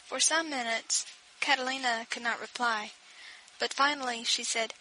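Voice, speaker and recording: Bright-voiced woman reading a story. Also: fairly high pitch, fairly even intonation, normal speed, slight background noise, poor audio. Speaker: audiobook narrator. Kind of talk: scripted narration.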